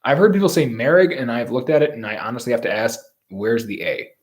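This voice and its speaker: A man's voice: medium pitch, sing-song, fast, a little mellow. A man giving solo football draft commentary in an opinionated, rambling and emphatic way. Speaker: sports commentator.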